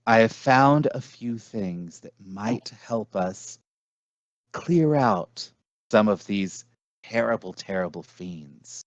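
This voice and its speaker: A woman's voice: very deep voice, animated, takes it slowly, no echo, heavily acted. An actor voicing a sneaky woman scout who whispers warnings urgently, in a dull lo-fi recording. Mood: hushed. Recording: dull lo-fi dry sound.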